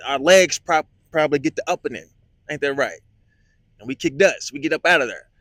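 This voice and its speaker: A man muses in a rather high voice, working through his thoughts out loud with halting restarts and many fillers. The sound is dry and close, with no room echo. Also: animated. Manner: musing, halting, repeats words with many fillers. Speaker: vlogger. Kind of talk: reflective monologue.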